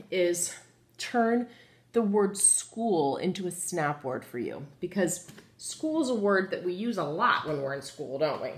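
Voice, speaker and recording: A woman's voice: medium pitch, noisy background. A woman teaching a children's phonics lesson, patient and encouraging, asking the class questions as she writes on the board. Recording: echoey room.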